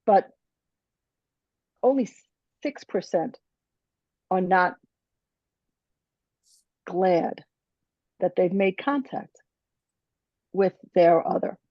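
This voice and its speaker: A woman presenter giving personal closing remarks at a conference, halting and restarting often and checking in with "right?". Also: on the low side, lively intonation, dry recording. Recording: dull dry lo-fi sound.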